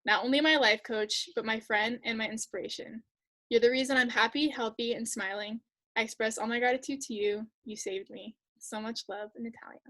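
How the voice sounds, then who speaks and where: A teenage girl on a video call reading her heartfelt written tribute aloud in an earnest, measured way, her endings trailing off softly. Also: a little high, steady tone. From United States. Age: teens.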